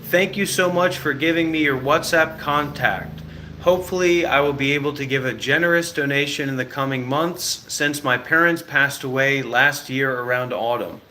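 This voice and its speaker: A man's voice: medium pitch, moderate pace, bright, forceful tone, slight background noise. A man hosting a casual livestream chat, blunt and sarcastic as he teases his co-host and callers.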